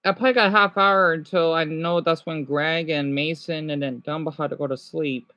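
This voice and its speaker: A woman livestreaming casually, reading practice words aloud and chatting with her viewers, excitably exclaiming at surprises. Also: low-pitched, brisk, no echo. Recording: dull lo-fi sound.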